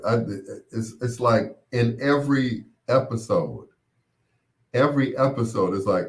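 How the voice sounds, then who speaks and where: A man's voice: mid-range voice, unhurried. A man hosting a late-night radio show, chatting in a laid-back way with wry asides.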